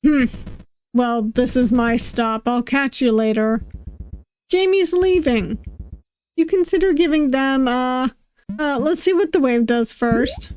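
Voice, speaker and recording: A woman's voice: high voice, slow, darkish tone. A woman streaming a visual novel playthrough, reading its text aloud with playful voices and laughter.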